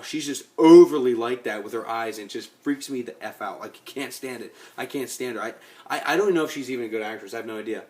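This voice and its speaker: In a casual opinion rant to his webcam, a man bluntly rambles about actors he can't stand, going over the same points again and again. He speaks at medium pitch with a slightly mellow tone.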